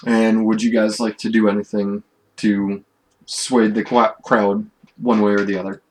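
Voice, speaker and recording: A slow-talking male game master running a tabletop session online, his voice sitting a bit low. He stumbles and restarts his sentences, then eases into unhurried scene narration. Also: level tone, slight background noise, low-quality recording. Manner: halting, restarts often, then unhurried description.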